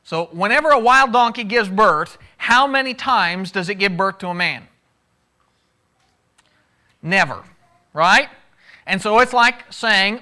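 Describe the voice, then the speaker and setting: In an unhurried sermon with frequent pauses, a male pastor speaks in a high-pitched voice with lively intonation, pushed and bright. He keeps things conversational, questioning his audience and acting out quotes.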